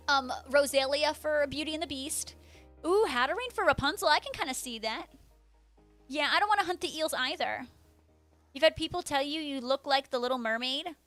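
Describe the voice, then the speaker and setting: Woman, young adult, high-pitched, bubbly, chatty streamer, faint background music. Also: fairly bright tone. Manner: bubbly, chatty, reads chat aloud. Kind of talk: casual live-stream chat.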